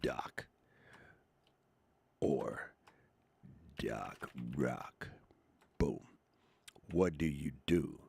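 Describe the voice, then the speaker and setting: A man hosting a live creator Q&A stream, talking in an animated, slangy, chatty way. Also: a bass voice, drawn-out words, creaky, long pauses, breathy edge, no room sound. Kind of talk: casual live-stream chat.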